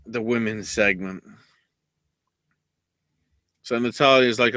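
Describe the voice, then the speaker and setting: A man hosting a podcast, recapping wrestling shows in casual chat, cursing freely and flaring up into loud outrage. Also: fairly low pitch, a little slow, pauses often, smooth, no room sound. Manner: profane, excitable, bursts into loud outrage. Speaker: podcast host.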